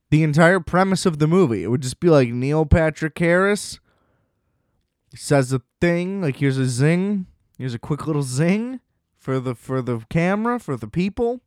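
A man's voice: fairly high pitch, clean tone, dry recording, studio quality. Man ranting casually on a podcast. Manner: ranting, profane, laughing at his own gripes. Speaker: podcast co-host. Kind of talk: casual movie-review podcast chat.

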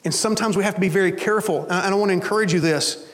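A man preaching a sermon as pastor, in a relaxed conversational way that keeps checking in with the congregation. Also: sits high, racing, long reverb tail. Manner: conversational preaching, asks the congregation "you understand?".

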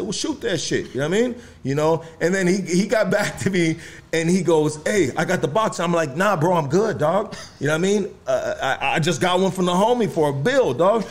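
A man, telling stories loudly in slangy casual chat as a podcast co-host. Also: sits high, a little fast. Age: 40s. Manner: loud, slangy storytelling, animated.

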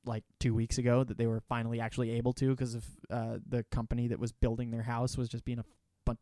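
Rambling young man, smooth voice. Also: mid-range voice, completely flat delivery, quick pace, warm tone, no room sound, clean studio sound. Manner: rambling, laughs often, swears casually. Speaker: student chatting with a friend. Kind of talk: casual chat.

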